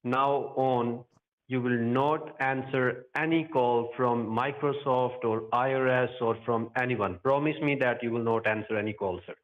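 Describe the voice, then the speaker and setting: A man's voice: medium pitch, steady tone, measured pace. Reassuring phone agent, man, mid voice, heard over a dull line. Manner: soothing, reassuring, repeats "sir". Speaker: phone scammer. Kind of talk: phone call.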